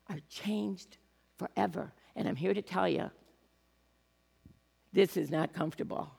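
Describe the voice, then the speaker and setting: A woman preaching a sermon, animated and acting out quoted voices with sudden swings between loud and soft. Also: mid-range voice, gravelly, breathy edge. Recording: hall reverb.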